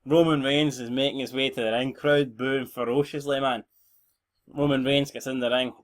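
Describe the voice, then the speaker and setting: A man's voice: mid-range voice, fairly even intonation, moderate pace. A young Scottish man giving rambling, blunt, sweary commentary on a game he is playing. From Scotland. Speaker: gaming channel host.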